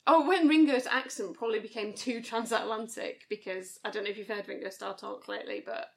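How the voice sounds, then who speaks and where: A woman co-hosting a casual chat, emphatic and excitable with quick laughs. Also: fairly high pitch, vocal fry. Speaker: podcast co-host.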